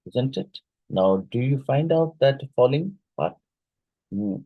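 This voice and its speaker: A man's voice: medium pitch, animated, takes it slowly, no room sound, dull audio. A man from India with Odia-influenced English, teaching a phonetics exam-prep lesson and explaining with many fillers and checks like "isn't it".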